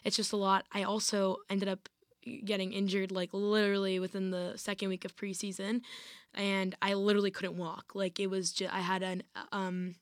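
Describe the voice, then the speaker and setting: Speaking at a moderate pace with a mid-range voice and flat delivery, a young adult woman recounts her personal story as a former college athlete in an interview. Her manner is casual, with heavy use of "like" and many restarts, and the audio is clean studio sound with no room sound.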